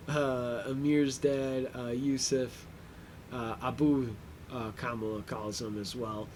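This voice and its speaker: A man's voice: medium pitch, a little hiss or hum. A man hosting a commentary track, recapping an episode in a casual, rambling way with many fillers and restarts.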